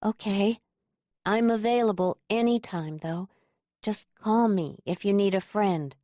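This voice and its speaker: A woman's voice: medium pitch, a little slow, warm tone, dry recording, clean studio sound, close to an everyday voice. A woman voicing a young woman who is jealous and insistent, talking in a pleading, defensive way. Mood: bitter.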